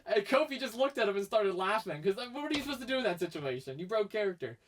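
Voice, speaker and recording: Quick rambly guy cohosting a podcast, chatty and opinionated, laughs a lot. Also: high-pitched, animated. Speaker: podcast co-host. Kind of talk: casual chat.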